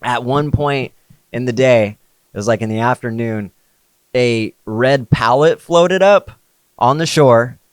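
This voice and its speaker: A man's voice: medium pitch, unhurried, clear, resonant tone, dry recording. A man, a podcast guest, telling a story in casual, slangy conversation, often saying "like" and "dude". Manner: laid-back, slangy, says "like" and "dude" often.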